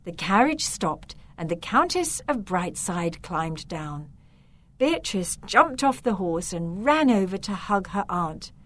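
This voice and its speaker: Slow, expressive woman storyteller. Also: fairly low pitch. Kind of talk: children's story narration.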